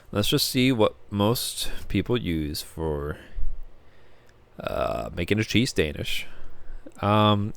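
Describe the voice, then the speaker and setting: A man's voice: low voice, fairly bright tone, clean tone. A man chatting casually in a vlog, hesitant and rambling with many fillers as he reads web pages aloud. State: hiccuping. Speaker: vlogger.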